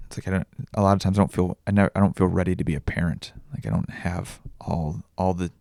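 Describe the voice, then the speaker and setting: A young adult man talking candidly in a personal vlog, halting and confessional, swearing often. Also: low voice, fairly even intonation, creaky, darkish tone, no echo, clean studio sound. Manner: raw, halting, confessional, with frequent swearing and restarts. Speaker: vlogger and podcaster.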